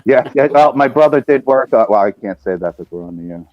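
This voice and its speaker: A man, a podcast guest, telling stories in a casual, animated way. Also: medium pitch, brisk, no echo. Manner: storytelling, animated. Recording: dull lo-fi sound.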